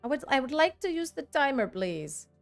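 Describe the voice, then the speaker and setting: A woman's voice: sits high, moderate pace, faint music behind. A woman in her thirties hosting a casual livestream, chatting animatedly and reading viewer comments aloud. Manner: animated, chatty, reads chat aloud, laughs often. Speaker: livestream host.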